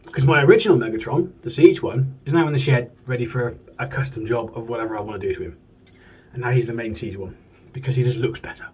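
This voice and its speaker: A man's voice: medium pitch, fast, darkish tone, distant mic, a little hiss or hum, poor audio. A man from the UK, chatting casually and enthusiastically as a toy collector and swearing now and then. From United Kingdom. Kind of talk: casual chat. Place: home room.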